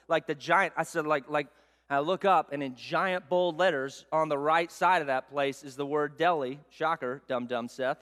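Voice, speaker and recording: Man, pastor, high voice, animated self-mocking storytelling, echoing hall reverb. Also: moderate pace. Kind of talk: sermon with storytelling.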